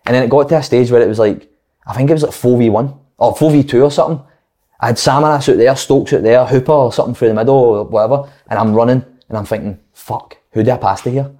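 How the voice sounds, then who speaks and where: Brisk Scottish ex-footballer spinning sweary yarns, mid-pitched, quick delivery. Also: male voice. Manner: swears freely, animated anecdotes. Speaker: former footballer guest. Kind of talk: casual storytelling chat.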